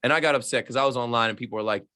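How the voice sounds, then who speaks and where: A man's voice: medium pitch, rapid-fire, clear, resonant tone. A man from the New Jersey shore, a sports radio host, chatting on a podcast in an emphatic way and acting out the people he quotes. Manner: emphatic, acts out quoted exchanges in lively voices. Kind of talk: casual podcast chat.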